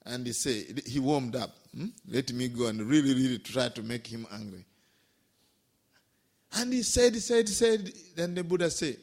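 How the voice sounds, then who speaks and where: A man, a Buddhist monk, giving a Dhamma talk as an animated storyteller with gentle humor, often checking in with listeners by asking "Hmm?" and "Eh?". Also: medium pitch, moderate pace.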